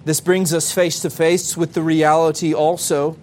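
A man preaching a sermon to a congregation, speaking to the children as well, with emphatic pauses. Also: a little high, level tone, darkish tone, a little hiss or hum. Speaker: pastor.

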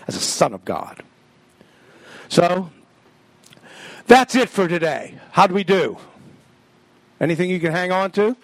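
A man's voice: a little high, creaky, husky, dry recording. An older man teaching a Bible study, reading verses aloud and explaining Greek words with emphatic swings of voice.

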